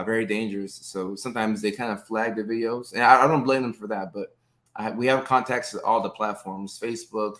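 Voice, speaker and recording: A man in his thirties chats on a live stream with a fairly low-pitched voice. He is upbeat and greets viewers by name, talking loosely with plenty of "uh"s. He is recorded up close on a phone or webcam indoors. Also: a bit bright. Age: 30s.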